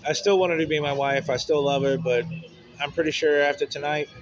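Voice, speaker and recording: Vlogger man, fairly high voice, swears freely, emotional rambling vent, dull lo-fi sound. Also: fairly even intonation, fairly quick. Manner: profane, blunt, emotional. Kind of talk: rambling personal vent to camera.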